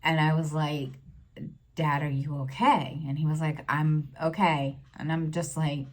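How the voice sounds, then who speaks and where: A middle-aged woman talking in a casual personal vlog, halting and full of fillers, close to tears. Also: low-pitched, flat delivery. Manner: halting, many fillers and restarts. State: tearful, near crying. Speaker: stitching vlogger.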